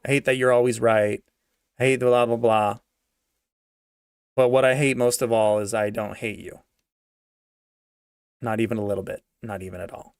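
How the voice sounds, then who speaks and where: A man's voice: mid-range voice, expressive, brisk, a bit bright, no echo, clean studio sound, recorded from a distance. A man mockingly playing a melodramatic teen girl. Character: dramatic teenage girl, hurt and emotional.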